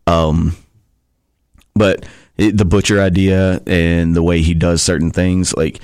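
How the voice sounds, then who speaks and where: Man, low pitch, rambling, profane, casual podcast guest. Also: little pitch movement, slow, darkish tone, smooth, dry recording, studio quality. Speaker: wrestler guest.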